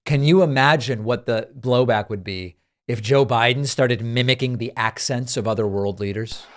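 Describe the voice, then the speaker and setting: A man's voice: medium pitch, moderate pace. A man hosting a political news commentary show, delivering dry, sarcastic remarks. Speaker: host.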